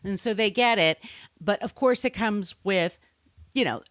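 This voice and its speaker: A woman's voice: mid-range voice, a little slow, no echo, clean studio sound. A woman co-hosting a casual podcast, retelling a story in a rambling way and acting out quotes. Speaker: podcast co-host. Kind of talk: casual book-versus-movie chat.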